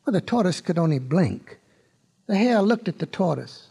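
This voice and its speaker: A man's voice: sits high, very animated, moderate pace, creaky, mellow, husky. A man narrating a storybook record in a folksy way, with chatty asides to the listener.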